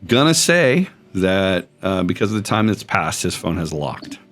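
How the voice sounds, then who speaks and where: A man's voice: deep voice, big pitch swings, unhurried, fairly bright tone. A man narrating as game master, describing scenes in a loose, rambling way.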